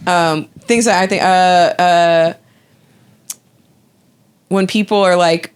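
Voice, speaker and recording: A woman's voice: on the low side, slow pace, long pauses, clean tone. A woman guest in casual podcast chat, trailing off and swearing freely.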